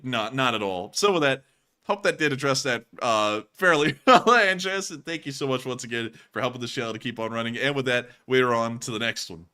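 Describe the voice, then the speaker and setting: A host runs a casual livestream of news commentary, speaking briskly and expressively with a bright, forceful, smooth mid-range voice. He's emphatic and animated, often breaking into laughter.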